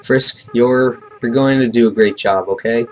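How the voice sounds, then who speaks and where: A man reading aloud the lines of a remorseful young boy monster from a game, softly and gently. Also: medium pitch, measured pace, close to an everyday voice, low-quality recording. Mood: tender farewell.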